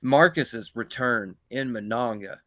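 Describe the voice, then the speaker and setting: A man spins a backstage story in casual chat, animated and full of swearing, with loud bursts when he acts out what others said. His voice is bright and forceful. The recording is close and dry, with no room sound. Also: medium pitch, measured pace, no echo. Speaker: pro wrestler, podcast guest.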